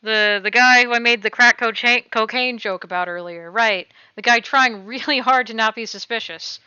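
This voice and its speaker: Bright, animated woman streamer. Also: on the high side, normal speed, smooth, no room sound. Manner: animated and jokey, reads characters' lines aloud. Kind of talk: livestreamed game playthrough, reading dialogue aloud. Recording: slightly dull stream audio. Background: game music.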